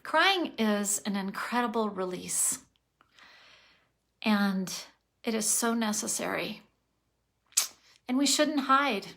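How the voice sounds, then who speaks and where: A woman's voice: medium pitch, expressive, slow, creaky, long pauses, fairly bright tone. A woman talking to camera in a casual vlog, earnest and passionate, thinking aloud between sighs and laughs. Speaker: vlogger.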